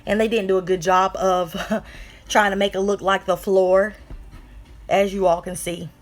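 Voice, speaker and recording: A woman's voice: mid-range voice, flat delivery, a little slow. Blunt, irritated woman vlogging. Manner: irritated and blunt, swears freely; talks straight to viewers as y'all. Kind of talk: casual commentary to camera.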